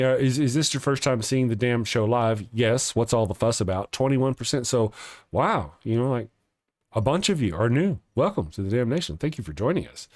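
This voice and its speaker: A man's voice: mid-range voice, no room sound, studio quality. A man hosting a live stream in casual chat, rambling and chuckling as he reads viewer comments aloud. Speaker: live-stream show host.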